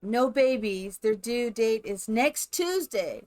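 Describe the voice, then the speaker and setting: A woman's voice: mid-range voice, slow pace, hardly any pauses, faint music behind. A woman live streamer chatting casually and rambling to her viewers while she builds in a game. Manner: chatty, rambling, talks to chat.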